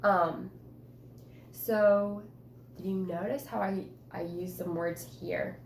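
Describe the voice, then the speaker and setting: A woman's voice: medium pitch, fairly even intonation, slow pace, echoey room, a little hiss or hum. A woman teacher guiding a writing conference, chatty and encouraging, with many fillers.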